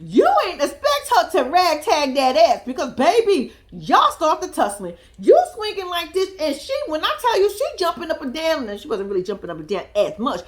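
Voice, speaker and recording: Young female vlogger, high and very animated, profane and laughing, casual reaction commentary. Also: moderate pace, few pauses.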